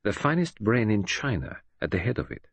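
A man reading as Poirot, fussy and softly lecturing. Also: fairly low pitch, big pitch swings, moderate pace, breathy edge, no echo, full character voice. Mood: earnest. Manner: lecturing, quietly confident. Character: precise, fussy older male detective. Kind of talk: audiobook character reading.

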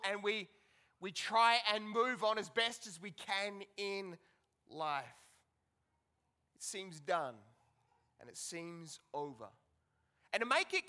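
Here a pastor with a high voice delivers a sermon that's emphatic and repetitive. He shifts back and forth between loud stretches and hushed ones.

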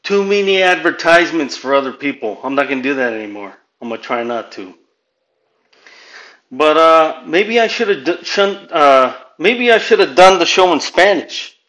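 A man's voice: fairly high pitch, lively intonation, normal speed, fairly bright tone, rough recording. A man from Southern California doing a profane, rambling stand-up monologue as a podcast host, dropping Spanish phrases into his English. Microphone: home podcast mic.

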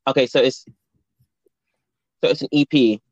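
A man's voice: mid-range voice, steady tone, normal speed. A man hosting a casual chat, playful and giggly, breaking into bits of song. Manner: playful, giggly, bursts into singing. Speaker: podcast host. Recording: dull, dry, lo-fi sound.

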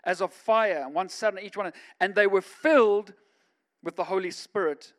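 A man, a pastor, preaching a sermon in a conversational way that swings from quiet asides to loud, emphatic stretches. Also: high-pitched, moderate pace.

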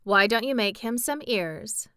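Woman doing a pumpkin-headed storybook man, mild, matter-of-fact, clear, dry. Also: fairly high pitch, unhurried, bright, forceful tone, no room sound. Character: cheerful pumpkin-headed man, calm and simple.

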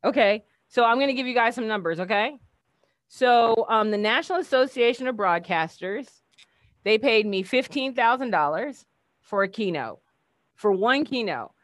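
Woman guest, fairly high voice, lively chatty storyteller who acts out the quotes, dry close sound. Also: normal speed, dry recording. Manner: animated, acts out quoted dialogue, laughs often. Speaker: keynote speaker, guest. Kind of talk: casual storytelling chat.

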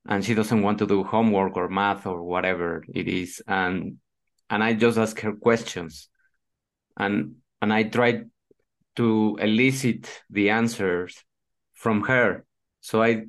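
Low-voiced man, halting podcast talk. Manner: halting, repeats words while searching for phrasing. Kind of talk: casual podcast conversation.

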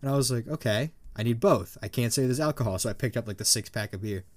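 A man's voice: medium pitch, fast. A young man co-hosting a podcast, telling a rambling story full of fillers. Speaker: podcast co-host. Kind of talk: casual chat.

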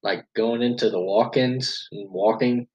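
A man's voice: mid-range voice, unhurried, darkish tone, low-quality recording. A man in casual chat, asking short questions and teasing with laughs.

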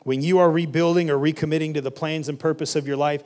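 A man's voice: on the high side, steady tone, fast talker, few pauses, a little mellow. A male pastor preaching a sermon, building intensity and repeating lines for emphasis, with casual phrasing like "y'all" and "ain't.". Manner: colloquial Southern-church phrasing, "y'all" and "ain't".

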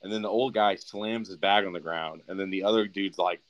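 Low-voiced young man telling a rambling story. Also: a little fast. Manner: profane, rambling, animated. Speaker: podcast co-host. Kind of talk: casual storytelling.

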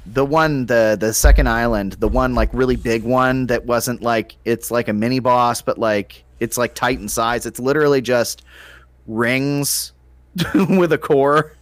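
A man co-hosting a casual gaming podcast, rambling through a game review with lots of halting restarts. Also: medium pitch, no echo. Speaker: podcast co-host.

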